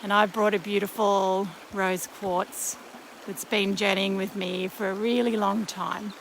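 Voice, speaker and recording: A woman leading an outdoor ceremony by a creek, speaking in a slow, gentle, soothing way, a little croaky. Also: medium pitch, little pitch movement, slight background noise, poor audio. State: slightly croaky. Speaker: ceremony leader. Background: flowing stream.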